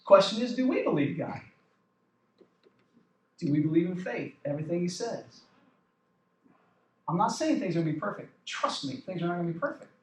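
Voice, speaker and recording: A man's voice: sits high, sing-song, normal speed, pauses often, echoey room, far from the mic, poor audio. A man preaching a sermon as pastor, talking conversationally and checking in with the congregation. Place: church sanctuary.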